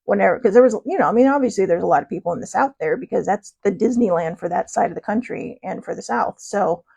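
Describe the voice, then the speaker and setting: A woman's voice: mid-range voice, fast talker, gravelly, mellow, slightly rough. A woman host telling a funny story in a casual, chatty way, laughing and poking fun at herself. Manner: chatty, laughing, self-deprecating. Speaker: podcast host.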